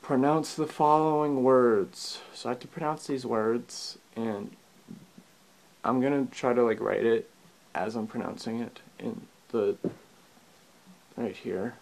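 Slow-talking Canadian man vlogging. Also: medium pitch, steady tone, a little mellow. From Alberta, Canada. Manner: chatty, reads a word list aloud with asides. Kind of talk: casual chat to camera.

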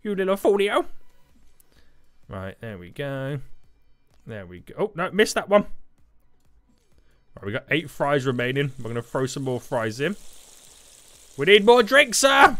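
A young man giving excitable, jokey commentary over gameplay, talking to chat and teammates. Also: a little high, measured pace, long pauses, soft background music. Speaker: gaming YouTuber. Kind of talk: energetic Roblox gameplay commentary.

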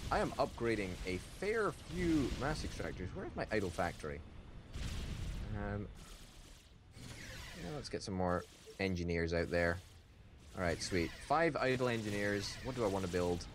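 A man chatting casually while playing a strategy game, self-mocking and prone to sudden excited jumps in pitch. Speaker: game commentator. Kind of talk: casual gameplay commentary. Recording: background hiss.

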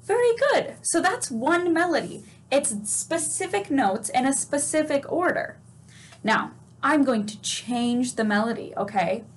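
A woman's voice: sits high, expressive, a little slow. A woman teaching a children's music lesson, patient and encouraging, asking questions and singing and chanting examples. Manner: sings note names and chants.

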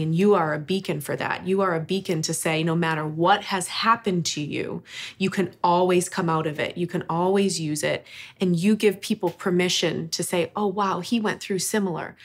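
A woman hosting an interview, speaking earnestly and encouragingly to her guest. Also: on the low side. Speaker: host.

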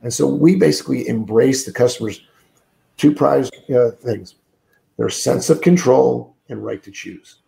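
Groggy, gravelly man coaching on sales. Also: mid-range voice, measured pace, warm tone. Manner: emphatic, repeats words, many fillers. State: groggy, sick voice. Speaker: sales trainer guest. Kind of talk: podcast interview, coaching talk. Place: room alone, remote call.

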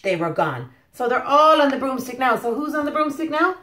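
A preschool teacher reading a picture book aloud to young children, animated and stopping to ask them questions. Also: female voice, sits high, fairly quick, echoey room.

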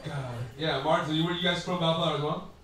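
A high-voiced man riffing crude and rambling with the audience, often laughing through his own lines. He sounds far from the mic, and his voice echoes heavily through a club full of people. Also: steady tone, fast. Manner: profane, rambling, laughs often mid-sentence. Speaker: stand-up comedian. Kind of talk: crowd work stand-up. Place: comedy club stage. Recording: far-off roomy club recording with crowd.

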